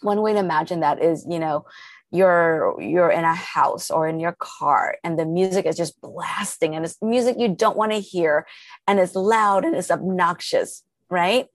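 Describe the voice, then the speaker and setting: A woman's voice: lowish voice, normal speed, no echo. A woman guest coaching listeners in a podcast interview, explaining step by step in an earnest, instructive way with everyday examples.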